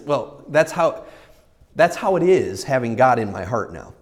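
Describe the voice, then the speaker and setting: Speaking a little slowly at medium pitch, this pastor tells lively stories in his sermon, animatedly voicing his own inner thoughts. His voice carries a big-room sound.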